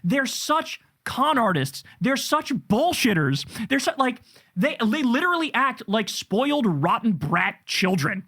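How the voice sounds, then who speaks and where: A man's voice: very high voice, big pitch swings, unhurried, sharp tone. A man giving a heated, profane political rant in sarcastic commentary. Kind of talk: ranting commentary.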